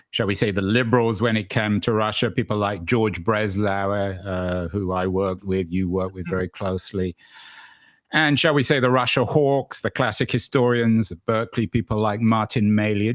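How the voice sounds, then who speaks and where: A man's voice: fairly low pitch, dry recording, clean studio sound. A man hosting an interview podcast, asking long, winding questions full of qualifiers. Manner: rambling, qualifying questions with "shall we say". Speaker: podcast host.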